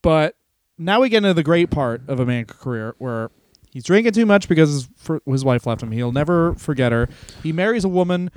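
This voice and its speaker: A man's voice: a little high, animated, a little fast, a little mellow, dry recording. A man co-hosting a comedy podcast in casual chat, rambling with restarts and laughing often. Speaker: podcast co-host.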